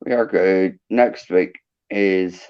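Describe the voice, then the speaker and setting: A woman's voice: extremely low pitch, fairly even intonation, takes it slowly, clear, resonant tone. A woman co-hosting a casual livestream chat, often laughing, sighing and groaning. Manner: laughs a lot, groans and sighs. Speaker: co-host. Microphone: video call. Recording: dull lo-fi stream audio.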